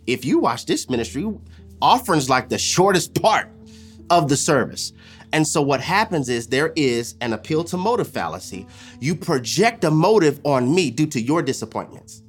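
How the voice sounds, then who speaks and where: Husky preacher with a lively voice. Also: male voice, a little high, normal speed, faint music behind. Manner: preaching with repetition and dramatic swings from loud to hushed. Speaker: pastor. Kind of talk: sermon.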